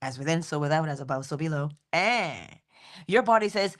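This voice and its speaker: Middle-aged woman inspirational speaker, animated and expressive, likes rhythmic repeated phrases. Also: moderate pace. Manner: animated, swoops high in pitch, laughs often. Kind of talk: spiritual motivational talk.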